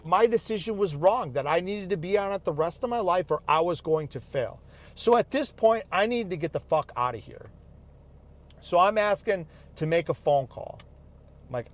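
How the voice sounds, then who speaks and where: A man telling his own story to camera in a casual, heated monologue, swearing a lot. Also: on the high side. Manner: angry, heavy swearing, quoting others in his own voice. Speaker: vlogger recounting his rehab experience.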